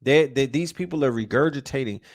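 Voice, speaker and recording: A man's voice: mid-range voice, fairly quick, no echo, clean studio sound. A man ranting casually, emphatic and profane, often restarting words when fired up. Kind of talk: casual rant.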